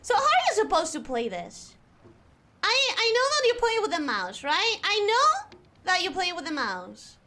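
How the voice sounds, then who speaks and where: A young adult woman streaming a game, chatting casually with her chat, excitable, laughing often and repeating herself. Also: very high-pitched, moderate pace. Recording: music playing in the background.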